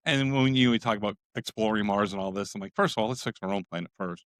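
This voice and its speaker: A man co-hosting a casual chat podcast, musing in a relaxed, thinking-aloud way. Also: fairly low pitch, fast talker, no echo. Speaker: podcast co-host.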